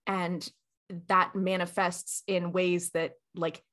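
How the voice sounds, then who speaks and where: A woman co-hosting a podcast in casual chat, animated and acting out quoted lines. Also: on the low side, slow pace.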